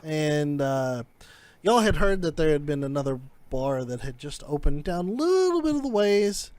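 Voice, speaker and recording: A man narrating a tabletop game as game master, in a rambling, halting way. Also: on the high side, very animated, a little mellow, clear, resonant tone, no echo.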